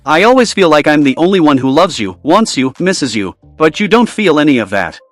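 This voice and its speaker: A man's voice: a little high, sing-song, a little fast, faint music behind. A man reading the lines of a shy, anxious teenage schoolgirl in a drama recap, in a plain voice.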